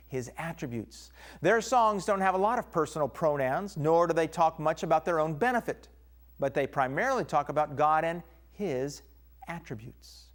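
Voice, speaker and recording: A man teaching a recorded Bible lesson, stressing key words as he explains. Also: a little high.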